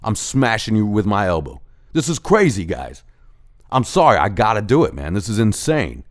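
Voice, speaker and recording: A low-voiced man in a heated, profane rant, his pitch swinging widely as he fires off complaints. He acts out little exchanges in between, then pushes his point harder. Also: normal speed. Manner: animated, profane, heated ranting with mimicked dialogue. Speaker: host of a rant show. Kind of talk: ranting monologue.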